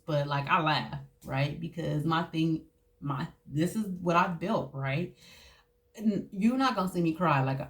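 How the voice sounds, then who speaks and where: Low-voiced woman talking straight to camera about her past, halting, lots of likes and ums. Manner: candid, halting, frequent fillers and restarts. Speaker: host. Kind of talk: personal storytelling to camera.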